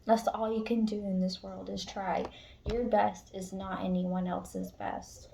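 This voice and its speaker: Tarot reader lady, raspy gravelly voice, flat tone, talking real frank and emotional, swears a bit. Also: medium pitch, measured pace, slight background noise. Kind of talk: casual spiritual pep talk to viewers.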